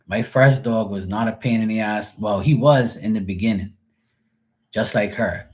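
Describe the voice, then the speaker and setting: This middle-aged live stream host talks at a normal speed in a slightly mellow voice on the low side. His casual chat wanders from story to story as he voices the characters he describes.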